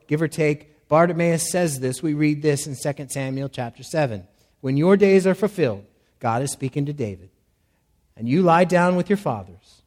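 Male pastor, fairly high voice, sermon delivery, emphatic retelling with raised cries. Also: darkish tone, long reverb tail. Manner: preaching with rising, emphatic cries in quoted pleas.

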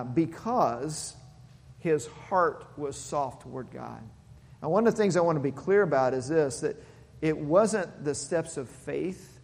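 Male pastor, earnest sermon delivery with stumbling repeats, slightly high voice, long hall reverb. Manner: earnest, repeats words when building a point.

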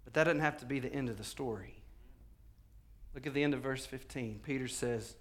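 A male pastor preaching a sermon, swinging from quiet pleading to fervent shouting. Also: mid-range voice, fairly quick.

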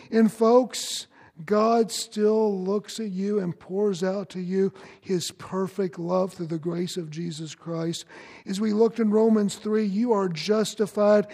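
A man's voice: high voice, mellow, big-room sound. A man preaching a sermon as pastor, earnest and direct, questioning his congregation.

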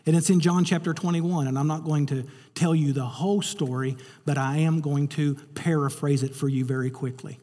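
A man's voice: a little high, fairly even intonation, moderate pace, dark tone. A man preaching a sermon, telling a story and acting out the voices he quotes. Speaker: pastor. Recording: reverberant hall.

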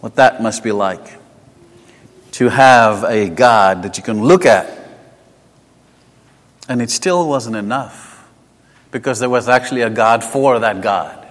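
South African preacher in a reverberant hall. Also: male voice, mid-range voice, takes it slowly, long pauses. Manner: swings between emphatic lines and hushed asides; conversational, with personal stories. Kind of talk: sermon.

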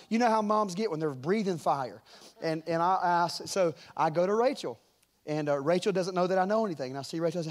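A middle-aged male pastor preaching a sermon, telling a family story with chuckles and animated delivery. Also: fairly high pitch, quick pace.

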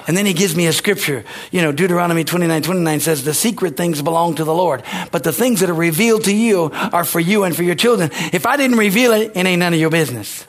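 A man preaching in a folksy, animated style, his voice climbing high for emphasis. His tone is husky and sits well above the usual range for a man. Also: quick pace. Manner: folksy, animated preaching with sudden rises in pitch. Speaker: pastor. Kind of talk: sermon.

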